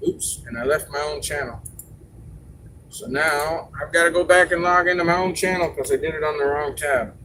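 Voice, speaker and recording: A man's voice: a little high, normal speed, background noise. A man hosting a live stream, chatting casually and giving advice, rambling a little with fillers.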